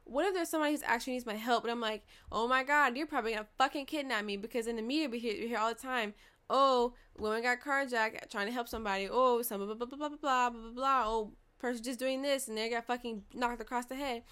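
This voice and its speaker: A young woman vlogging, telling a story fast and profanely, acting out quoted dialogue, into a desk microphone. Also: a little high, a bit bright, clean tone. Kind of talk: casual storytelling monologue.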